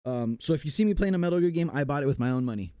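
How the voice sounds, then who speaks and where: A man's voice: fairly high pitch, animated, very fast, dark tone, clear, resonant tone, no room sound, clean studio sound. A man from the United States chatting casually on a live game stream, rambling and reading chat aloud with many fillers.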